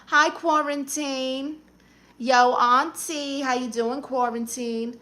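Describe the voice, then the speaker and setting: Her voice sits high and pushed, bright and steady, and she takes it slowly. The Brooklyn-accented livestreamer chats casually and brashly, reading viewer comments with plenty of sass.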